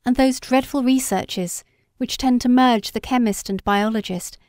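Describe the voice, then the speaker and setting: A woman reading a story aloud as an audiobook narrator, in a measured, unhurried way. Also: a little high, a little mellow, no echo, clean studio sound. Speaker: audiobook reader. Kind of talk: scripted narration.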